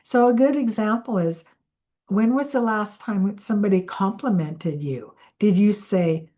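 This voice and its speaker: A woman's voice: mid-range voice, a little slow, dark tone, dull audio. A woman coach talking casually and rambling a little, correcting herself as she teaches and leads a breathing exercise. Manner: chatty and rambling, with self-corrections. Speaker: money mindset coach.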